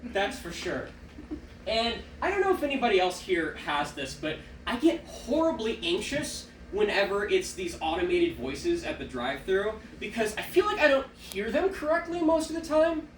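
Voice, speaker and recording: A young man tells animated, self-deprecating stories in a stand-up set, his pitch bouncing all over. He sounds set back from the mic in a roomy theater with a faint hum behind him. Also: moderate pace, distant mic. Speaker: stand-up comedian. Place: small theater stage.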